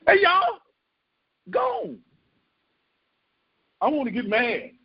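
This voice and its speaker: Pastor, male, very high voice, emphatic conversational sermon, dry slightly muffled sound. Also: huge pitch swings, drawn-out words, creaky, no room sound. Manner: emphatic, conversational preaching with repeated phrases.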